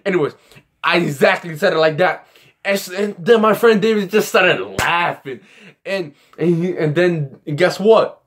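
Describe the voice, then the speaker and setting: Young male vlogger, slightly high-pitched, loose and rambling delivery. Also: normal speed, slight background noise. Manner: rambling, animated storytelling. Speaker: YouTuber giving comedy tips. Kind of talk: casual vlog talk.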